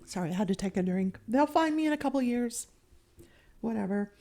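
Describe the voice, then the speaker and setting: Working on her diamond painting, a crafting vlogger chats in a rambling, self-mocking way. Her voice sits on the high side with lively intonation and a warm tone, and she talks briskly.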